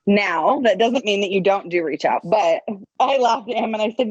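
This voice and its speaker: A woman co-hosting a podcast in casual chat, an animated storyteller who acts out what others said. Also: mid-range voice, moderate pace, breathy edge, dry recording, lo-fi sound. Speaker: podcast co-host.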